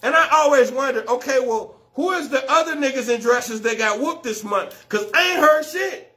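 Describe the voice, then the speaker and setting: A man doing stand-up comedy, telling a story loudly and with lots of slang and swearing, often laughing at his own jokes. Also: extremely high pitch, normal speed. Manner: profane and slangy.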